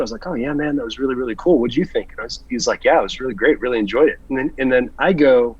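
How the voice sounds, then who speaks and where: A man tells an animated anecdote in a casual interview, restarting his sentences and acting out what people said. His voice is a bit husky, and the recording sounds dull and lo-fi. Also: medium pitch, racing, hardly any pauses. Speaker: actor and interview guest.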